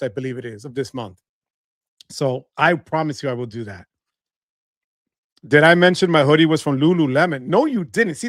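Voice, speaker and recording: A middle-aged man, hosting a casual livestream, reading out viewer comments in an animated, playful way. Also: on the high side, no room sound, studio quality. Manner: animated, playful, shouts catchphrases. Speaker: livestream host.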